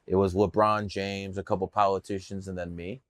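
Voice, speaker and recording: A man's voice: low voice, little pitch movement, moderate pace, dry recording. A man telling stories in a casual interview, brash, boastful and profane. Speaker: podcast guest telling his story.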